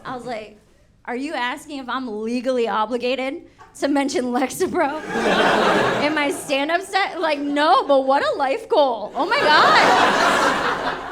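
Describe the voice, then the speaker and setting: Young woman comic doing stand-up, high voice, brash and sweary, crowd noise in the background. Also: lively intonation. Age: young adult. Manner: brash, swearing, quick shifts into acted voices. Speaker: stand-up comedian. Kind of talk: stand-up comedy set. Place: comedy show before a laughing audience. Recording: live show with audience noise.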